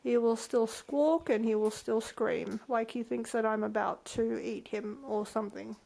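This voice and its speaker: A woman vlogging casually at home with her pet birds, talking in halting bursts with frequent restarts. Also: fairly high pitch, steady tone, gravelly, dark tone. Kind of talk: casual talk to camera.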